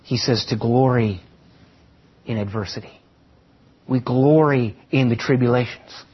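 Husky guy preaching in church, kinda high voice, repeats stuff, muffled lo-fi recording. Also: measured pace. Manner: asks the congregation rhetorical questions; repeats key phrases for emphasis. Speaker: pastor. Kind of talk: sermon. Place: church before a congregation. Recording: dull lo-fi sound.

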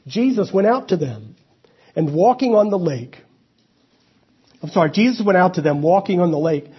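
Male pastor, husky and high, preaching loosely over a dull lo-fi recording. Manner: conversational preaching with asides and restarts. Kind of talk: sermon.

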